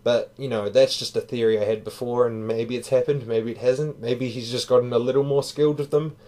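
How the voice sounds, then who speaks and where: A man's voice: medium pitch, steady tone, brisk, dark tone. A man giving a casual spoken review, tired, talking loosely and profanely with fillers. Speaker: manga reviewer.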